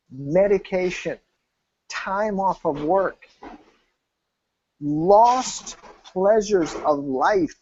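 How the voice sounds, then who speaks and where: Emphatic male sales pitcher, dull audio. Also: darkish tone, slight background noise. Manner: emphatic, acts out quoted dialogue; talks straight to the viewer. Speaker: health program salesman. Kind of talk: sales pitch told as a story.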